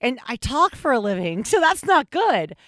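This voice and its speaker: A woman's voice: high-pitched, very animated, moderate pace, a bit bright, no room sound, clean studio sound. A woman hosting a recovery podcast, talking in a candid, self-mocking, rambling way. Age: adult in recovery. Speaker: podcast host. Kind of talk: casual chat.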